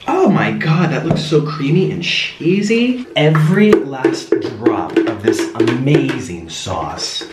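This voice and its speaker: A man's voice: mid-range voice, very animated, slow pace, few pauses, reverberant, heavy background noise. A man casually talking through a recipe as a home cooking vlogger, chatty and given to dramatic exclamations. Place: home kitchen.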